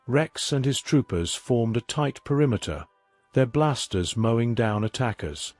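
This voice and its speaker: Guy narrating a sci-fi story slow, voice goes up and down a lot, dry sound, faint music under it. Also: medium pitch, dry recording. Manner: measured, even storytelling read.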